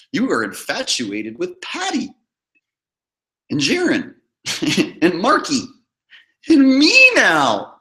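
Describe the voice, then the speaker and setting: Lively, mocking man reacting sarcastically. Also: fairly high pitch. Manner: mocking, laughing, animated. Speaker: host.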